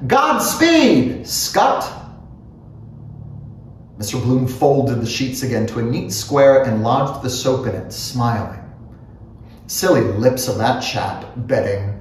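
A man giving an unhurried, expressive reading of a literary novel, musing through inner thoughts. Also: mid-range voice, recorded from a distance. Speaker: reader. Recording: very echoey room, faint noise.

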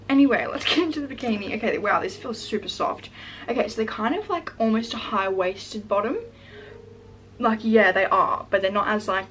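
A young woman vlogger chatting casually while unboxing packages at home, gushing and excitable, full of "like" fillers. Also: a little high, a little hiss or hum. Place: room at home. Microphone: camera set up in front of her.

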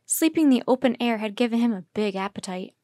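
A woman reading a children's chapter book aloud in a calm, measured way. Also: fairly high pitch, no room sound, clean studio sound. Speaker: storyteller.

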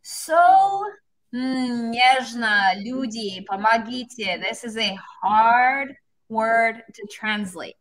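Bright, slow-paced woman teaching. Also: a little high, low-quality recording. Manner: chatty, explains step by step, reads chat comments. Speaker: Russian language teacher. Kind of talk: live-stream language lesson.

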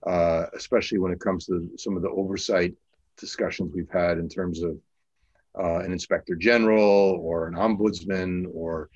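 A man with a low voice leads an online committee meeting. He talks in loose, halting sentences full of fillers and restarts. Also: darkish tone, slightly rough, dull audio. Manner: hesitant, many fillers and restarts. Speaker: task force chair.

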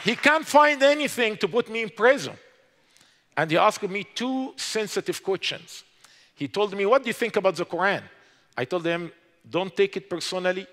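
A man's voice: sits high, expressive, moderate pace, fairly bright tone, in a large hall. A man from Egypt, telling his personal testimony with emphatic, English. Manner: emphatic storytelling with non-native English. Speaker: guest telling his conversion story.

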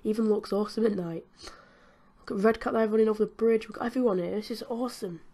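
A woman's voice: medium pitch, fairly even intonation, quick pace, dark tone. Giggly British woman chatting over gameplay. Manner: chatty and giggly, talks to game characters. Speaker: gaming channel host. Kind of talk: casual gameplay commentary.

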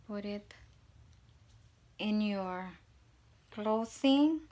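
A woman vlogger chatting softly through a casual unboxing and gushing over small things. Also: mid-range voice, drawn-out words, long pauses. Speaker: vlogger reviewing gear.

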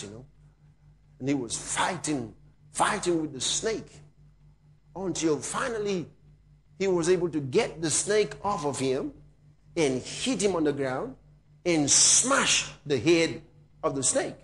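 A male pastor telling a story in a sermon, swinging dramatically from hushed tones to shouting. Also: on the high side, slight background noise.

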